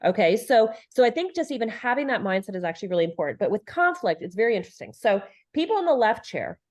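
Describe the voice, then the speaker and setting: A woman's voice: a little high, big pitch swings, quick pace, darkish tone. A middle-aged woman, a leadership and relationship expert, talking as a podcast guest in an earnest, emphatic way. She repeats phrases for stress and acts out quoted lines. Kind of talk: conversational podcast interview.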